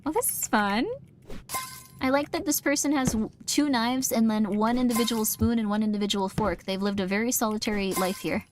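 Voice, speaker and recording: A woman's voice: a little high, brisk. Rambling streamer woman over faint game music. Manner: rambling, self-mocking, jumps into quoted voices. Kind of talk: casual game stream chat.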